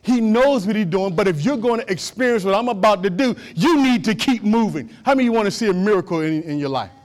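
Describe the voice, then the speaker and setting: A male pastor with a notably high voice preaches to his congregation in a church. He repeats short calls to action and swings between loud, driving emphasis and quiet, low asides. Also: expressive, fast. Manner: preaching with rising and falling intensity, repeating short exhortations. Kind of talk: sermon.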